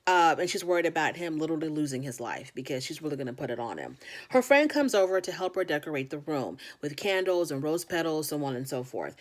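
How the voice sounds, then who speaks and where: Woman with kinda low voice rambling thru a show recap, super frank, lots of "like" and "you know". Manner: chatty, frank, heavy on fillers like "you know". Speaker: reality TV recap host. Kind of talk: casual opinionated recap.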